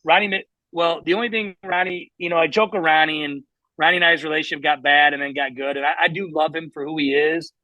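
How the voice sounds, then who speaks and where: A man's voice: on the high side, fairly even intonation, fast talker, no room sound, highs cut off. A man in his thirties, a racing guest telling long self-mocking stories in a casual interview. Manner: rambling, self-mocking storyteller.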